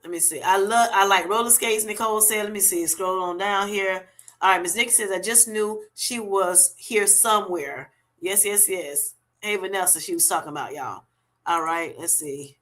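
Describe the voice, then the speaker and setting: A middle-aged woman hosting a casual livestream, chatting warmly and thanking viewers by name. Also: fairly low pitch. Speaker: livestream host. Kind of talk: casual livestream chat, reading comments.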